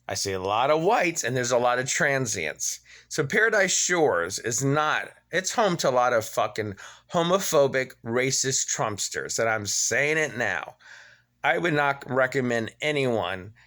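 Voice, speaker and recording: A man in his fifties tells a grievance story straight to camera, his voice sitting at an ordinary middle pitch. He swears freely and grows more worked up as he acts out both sides of the quarrel. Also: a bit bright. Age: 50s. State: limping, needs knee replaced. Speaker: vlogger. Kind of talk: angry personal rant.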